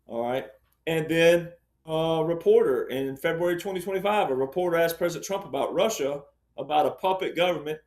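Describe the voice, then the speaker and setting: A man's voice: on the high side, darkish tone, roomy sound. A man speaking as a panel guest, explaining his point emphatically and repeating key ideas like a lecturer.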